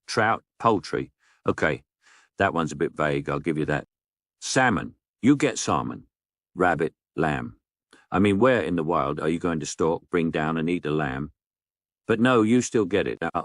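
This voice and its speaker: Very deep-voiced deadpan man. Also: normal speed, dry recording, studio quality. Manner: deadpan, wry, mock-indignant asides. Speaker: narrator. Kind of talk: dry comic storytelling monologue.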